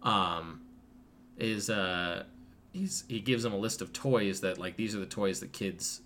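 Laid-back, rambling low-voiced man. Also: unhurried, fairly bright tone. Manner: rambling, laid-back, profane, lots of fillers. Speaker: podcast co-host recapping a film. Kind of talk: casual retelling with acted quotes.

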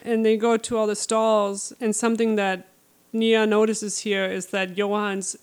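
A woman co-hosting a casual book chat, telling the plot with lively acted-out quotes. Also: medium pitch, unhurried, clear, resonant tone. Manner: animated storytelling, acts out lines in quotes. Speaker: podcast co-host recapping a book.

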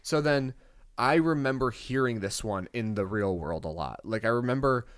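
A man's voice: mid-range voice, expressive, moderate pace, no echo, clean studio sound. A man co-hosting a music podcast, talking casually in a rambling, playful way, often correcting himself mid-sentence. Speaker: podcast co-host. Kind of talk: casual chat.

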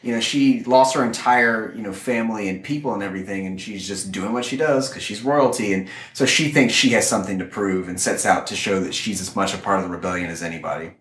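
A man on a casual podcast, calmly laying out details like someone who knows his subject. His voice sits low, and the room gives it a noticeable echo. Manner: knowledgeable, measured explaining. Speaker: podcast co-host. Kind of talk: casual chat. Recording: echoey room.

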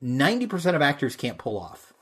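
A man with a husky, slightly rough voice talks through a film in relaxed podcast chat. He throws in casual swearing and quick laughs as he makes his points. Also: medium pitch. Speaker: podcast co-host.

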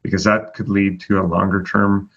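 A man's voice: low-pitched, flat delivery, normal speed, creaky, fairly bright tone, husky. A man hosting a casual chat, chatty and full of fillers as he announces rankings. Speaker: host. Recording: dull lo-fi audio.

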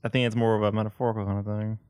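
Lower-voiced young man, blunt and sarcastic. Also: little pitch movement, rapid-fire, darkish tone, smooth, no room sound, studio quality. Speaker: podcast co-host. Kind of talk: casual chat.

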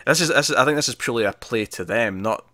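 A man's voice: mid-range voice, lively intonation, fast, bright, forceful tone, dry recording, clean studio sound. A man co-hosting a podcast, casually and animatedly retelling a TV episode and acting out what the characters say. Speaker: podcast co-host.

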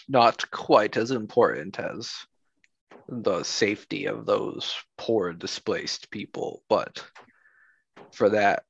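A man's voice: fairly low pitch, fairly bright tone, no echo, highs cut off, exaggerated voice. A man voicing a polite, persuasive male villain in a tabletop game. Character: smooth-talking male deceiver, adult.

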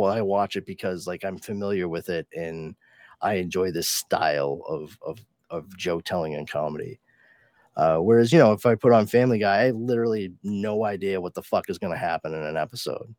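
A man's voice: on the low side, darkish tone, no room sound. A man hosting a podcast in casual chat, rambling, profane and laughing often. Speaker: podcast host.

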